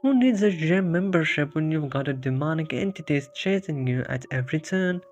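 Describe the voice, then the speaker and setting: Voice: medium pitch, animated, normal speed, darkish tone, lightly acted. A narrator voicing a sarcastic bewildered horror hero. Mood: quipping. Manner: sarcastic, self-mocking quips. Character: wisecracking bewildered male hero lost in a horror town. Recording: dull lo-fi with faint music.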